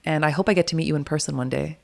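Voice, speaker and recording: Her voice sits low and gravelly, and she talks at a racing clip. As an interview guest, this doula is outspoken and animated, swearing easily and laughing often between points.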